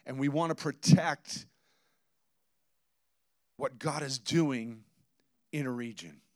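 A man preaching a sermon, telling stories with quoted dialogue and building to emphatic loud bursts, then dropping to low intense asides. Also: takes it slowly, dry recording, studio quality. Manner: storytelling with quoted dialogue and restarts. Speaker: pastor.

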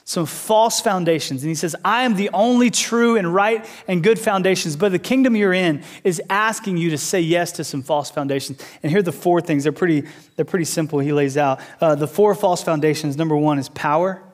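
Emphatic preaching man, fairly high voice. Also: brisk. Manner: emphatic, rising to loud repeated appeals then dropping low and quiet; conversational preaching with asides and voiced objections. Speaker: pastor. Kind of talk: sermon.

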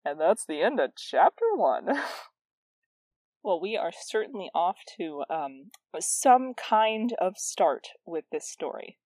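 Brief: woman host, low-ish voice, casual self-deprecating commentary, dead-dry close mic. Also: takes it slowly, no echo. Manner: self-mocking, laughing, lively asides. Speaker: podcast host reading her teen novel. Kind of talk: reading aloud and casual commentary.

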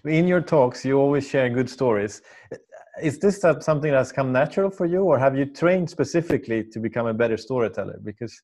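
A man's voice: medium pitch, lively intonation, brisk, a little mellow. Man hosting a podcast interview. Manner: brief encouraging responses. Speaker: podcast host. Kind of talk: casual interview.

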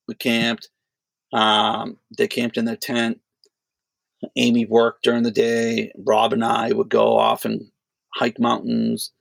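A man spins a loose, rambling story in a casual podcast chat, swearing freely and getting animated. His voice is heavily gravelly and husky. The sound is dry and close. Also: medium pitch, no room sound. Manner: rambling, profane, animated retelling. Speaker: podcast co-host.

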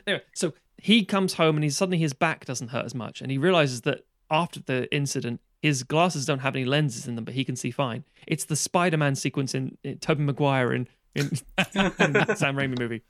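A man chatting casually on a podcast, retelling a film plot in a lively, sweary way and acting out the characters' lines. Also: mid-range voice, fairly quick, few pauses, no room sound, studio quality.

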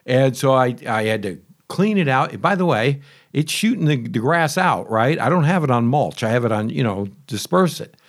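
A man's voice: medium pitch, lively intonation, moderate pace. A man telling a casual, rambling story to camera about testing a new mower, chatty and full of asides and grumbles. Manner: chatty, conversational, self-interrupting. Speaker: homeowner reviewing a lawn mower.

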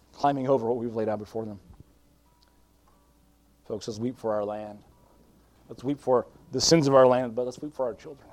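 A male pastor preaching with a fairly high voice. He swings between hushed, pleading lines and loud, fervent appeals, quoting scripture and restarting his sentences. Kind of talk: sermon.

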